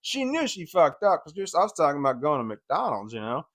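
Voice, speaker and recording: A man's voice: on the high side, very animated, quick pace, a bit bright, no room sound. A man telling a painful personal story in a rambling, emotional way, swearing and using lots of fillers. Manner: rambling, emotional, profane retelling with many fillers. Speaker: channel host sharing personal history.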